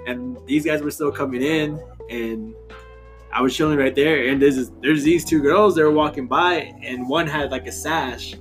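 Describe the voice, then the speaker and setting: A man's voice: a little high, moderate pace, soft background music. A young man in casual chat, telling a story animatedly with laughter and slang.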